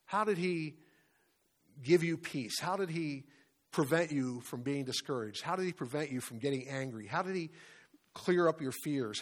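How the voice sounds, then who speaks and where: A man's voice: mid-range voice, normal speed. Earnest middle-aged man preaching. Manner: earnest, asks many questions. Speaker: pastor or Bible study leader. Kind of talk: sermon.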